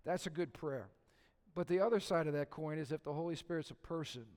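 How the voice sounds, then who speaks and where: A middle-aged male pastor preaching a conversational sermon, asking the congregation questions and joking, dropping to a hush and then rising to loud emphasis. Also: a little high, a little fast. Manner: swings from soft and hushed to loud and emphatic. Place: church sanctuary. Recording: long reverb of a church hall.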